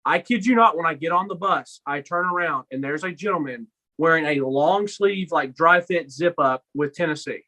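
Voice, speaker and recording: A young man co-hosting a casual sports podcast, telling stories in an animated way and acting out his own lines. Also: on the high side, moderate pace, hardly any pauses, rough recording. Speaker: podcast co-host.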